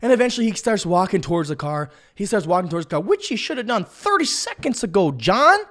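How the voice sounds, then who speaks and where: A man hosting a podcast, telling a story in a comic monologue, animated, excitable and full of swearing. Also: high-pitched, fast talker. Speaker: podcast host.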